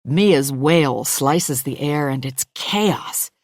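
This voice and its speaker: Woman narrating an audiobook, lowish voice. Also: extremely slow, dry recording, studio quality. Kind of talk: first-person audiobook narration.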